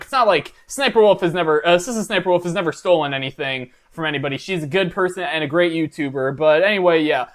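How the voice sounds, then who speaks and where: Rambling young man, slightly high voice. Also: fairly bright tone. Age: young adult. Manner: rambling, hesitant, many fillers and restarts; mock-earnest, self-deprecating. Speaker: reaction video host. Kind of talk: comedic reaction commentary.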